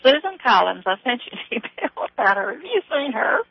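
A woman's voice: fairly high pitch, big pitch swings, brisk, gravelly, husky, dry recording. A Southern-accented woman calls in to a radio show. She rambles from point to point and laughs often. Her voice comes over a dull, dry phone line. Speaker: caller.

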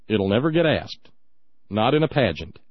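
A man's voice: lowish voice, big pitch swings, normal speed, no room sound, highs cut off. A man hosting a talk radio show, ranting with indignant sarcasm.

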